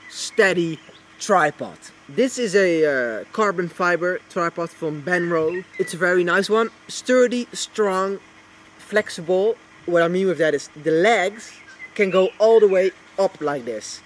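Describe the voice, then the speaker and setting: Chatty high-voiced man explaining filming gear. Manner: chatty, repeats himself, restarts phrases. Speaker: wildlife filmmaker vlogger. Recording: faint background noise.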